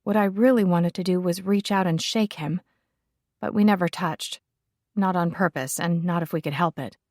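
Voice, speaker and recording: A woman's voice: lowish voice, moderate pace, a little mellow, dry recording, studio quality. A woman reading a first-person audiobook, with a wry, sassy and sardonic delivery. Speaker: audiobook narrator.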